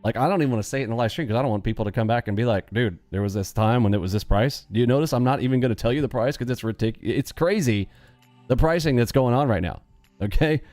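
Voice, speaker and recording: A man runs a day-trading live stream and brashly mocks the people in his chat. His voice is mellow and dry, with faint music behind him. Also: mid-range voice, racing, no room sound. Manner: mocking and brash, talks back to chat.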